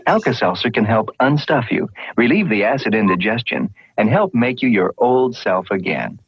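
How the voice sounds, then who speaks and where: A man reading a vintage medicine commercial in a brisk, persuasive announcer voice. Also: medium pitch, animated, slightly rough, dull audio. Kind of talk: 1960s ad voice-over.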